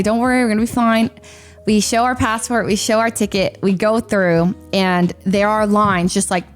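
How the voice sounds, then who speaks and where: A young woman, a streamer, telling a story in a lively, casual way with lots of fillers and sound effects. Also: on the high side.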